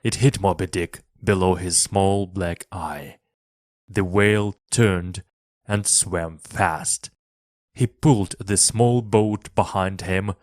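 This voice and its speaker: A man reading a storybook aloud for language learners in a plain, measured way, one sentence at a time. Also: sits low, darkish tone, dry recording, clean studio sound. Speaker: reader. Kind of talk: slow storybook narration for learners.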